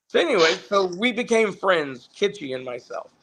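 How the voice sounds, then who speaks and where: Gravelly ex-wrestler telling rambling stories. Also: male voice, sits high, big pitch swings, normal speed, a bit bright. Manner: rambling, profane, self-correcting. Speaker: interview guest, former pro wrestler. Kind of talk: casual storytelling.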